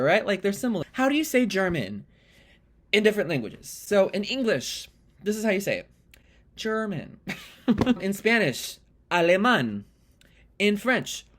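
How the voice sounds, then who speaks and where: A man delivering an animated, exasperated comedy monologue, swearing freely. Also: high-pitched. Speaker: vlogger.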